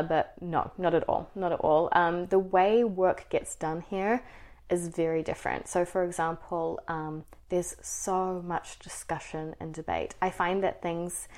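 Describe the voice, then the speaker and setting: A woman's voice: fairly low pitch, moderate pace. A woman YouTuber hosting a casual chat, talking freely with lots of "like" and "um". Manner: chatty, many likes and ums. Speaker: YouTuber host.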